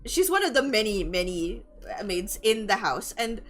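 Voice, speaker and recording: A woman's voice: mid-range voice, sing-song, normal speed, a bit bright, faint music behind. A young woman from the Philippines chatting casually about a book, rambling with lots of fillers and laughter. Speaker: streamer.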